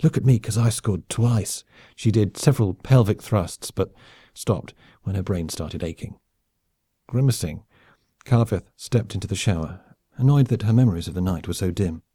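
A man narrating an audiobook in a brisk, wry storytelling manner. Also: low voice, expressive, mellow, slightly rough, no room sound, clean studio sound. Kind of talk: scripted narration.

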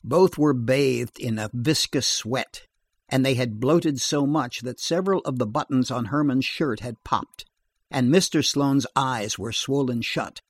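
A man narrating a horror story in a steady, measured reading voice. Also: medium pitch, slightly rough, no room sound.

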